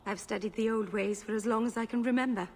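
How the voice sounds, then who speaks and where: Brief: a soft-spoken Welsh elf mage played by a woman, bashful and rambling, slightly high voice, faint hiss behind. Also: steady tone, quick pace, close to an everyday voice. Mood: earnest. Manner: awkward, trailing off. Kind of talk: video game dialogue.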